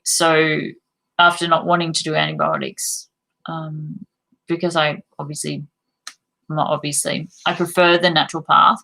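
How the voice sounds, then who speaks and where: A woman's voice: on the low side, creaky, fairly bright tone, low-quality recording. A young woman talking candidly to camera in a personal vlog, reflective and self-critical, with the odd curse word. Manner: frank, reflective, self-critical, occasional swearing. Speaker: vlogger.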